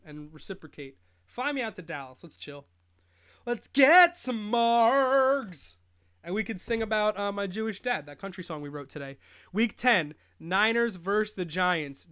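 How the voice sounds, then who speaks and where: A young man with a noticeably high-pitched voice hosts a live fantasy football stream. He talks in a loose, rambling way, cracking jokes and laughing often. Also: fairly bright tone, smooth. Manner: rambling, joking, sings snippets, laughs often. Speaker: host. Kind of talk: casual live-stream chat.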